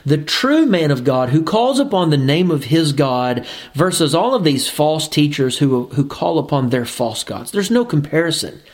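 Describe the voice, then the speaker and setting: A man's voice: fairly high pitch, lively intonation, normal speed. A man preaching a sermon and reading scripture aloud, emphatic and rising on key phrases.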